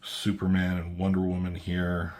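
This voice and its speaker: A man's voice: low voice, monotone, moderate pace, a little mellow. A man casually recapping a comic book as a reviewer, rambling along with lots of fillers and a laid-back delivery.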